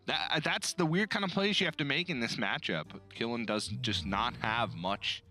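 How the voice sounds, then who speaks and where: A man doing color commentary on a card game tournament, animated and quick to laugh. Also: medium pitch, faint music behind. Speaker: esports co-caster.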